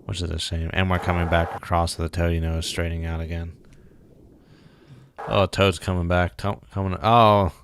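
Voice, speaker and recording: A man's voice: low-pitched, flat delivery, moderate pace, slight background noise. A man casually thinking aloud while streaming a game, muttering and joking at himself. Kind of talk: casual live gameplay commentary.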